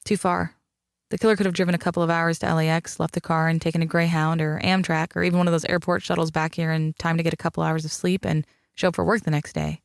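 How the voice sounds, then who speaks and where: A man voicing a sharp, wry young woman coroner in an audiobook, with dry, teasing banter. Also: on the high side, level tone, fast, vocal fry, clear, resonant tone, no room sound. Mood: explaining.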